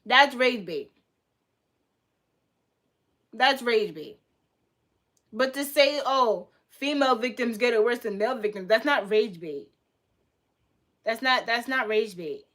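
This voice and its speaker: A woman's voice: on the high side, animated, takes it slowly, long pauses, a bit bright. A young woman livestreaming, reacting in a heated, profane rant and repeating herself, in casual live-stream talk.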